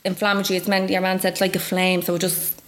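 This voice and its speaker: A woman's voice: quick pace, slight background noise. A young Irish woman telling a personal story in casual chat, acting out what others said with big jumps in her voice. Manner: animated, acts out quoted speech with big pitch jumps. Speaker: guest.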